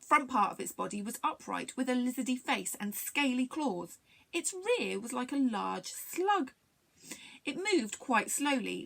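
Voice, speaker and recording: A woman reading a children's storybook aloud for a library story time, expressive and animated. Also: a little high, creaky.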